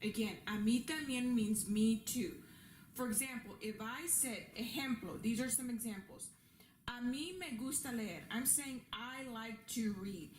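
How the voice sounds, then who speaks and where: A woman's voice: a little high, measured pace, a little hiss or hum. A woman teaching a lesson, patiently repeating rules and examples and checking in with her students. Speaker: Spanish teacher. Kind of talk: classroom lesson with slides.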